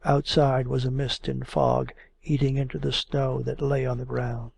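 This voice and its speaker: A man reads classic literature aloud in a measured, expressive audiobook narration. His mid-pitched voice is heavily gravelly and husky. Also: no echo.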